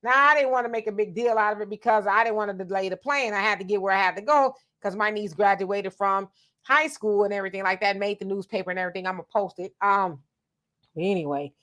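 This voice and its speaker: A woman from Southern California co-hosting a live stream, chatting casually with viewers and telling animated stories. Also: medium pitch, fast talker. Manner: animated, talks straight to viewers, tells stories. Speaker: co-host of a live stream show.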